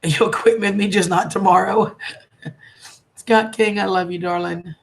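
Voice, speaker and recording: A woman livestreamer chats casually and warmly with her viewers, calling them darling and sweetheart. Her mid-range voice stays steady and her pace is measured.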